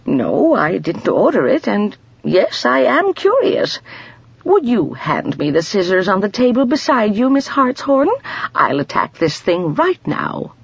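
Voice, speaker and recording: Woman doing a gentle, cheerful grandmother. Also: medium pitch, sing-song, a little slow, gravelly, breathy edge, no room sound, highs cut off, voice pushed up, exaggerated voice. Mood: delighted. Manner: gentle, firm, warmly amused.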